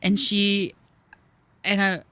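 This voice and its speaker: A woman's voice: medium pitch, completely flat delivery, slow pace, bright, forceful tone, clean tone, no room sound. A woman co-hosting a radio show, chatting casually and telling stories by quoting people. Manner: conversational, quotes people while telling stories. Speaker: radio co-host. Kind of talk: casual chat.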